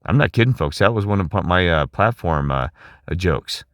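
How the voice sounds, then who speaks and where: A man's voice: low-pitched, lively intonation, moderate pace, fairly bright tone, dry recording, studio quality. A middle-aged man talking in a rambling, emphatic monologue, asking listeners questions and restarting his sentences. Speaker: channel host.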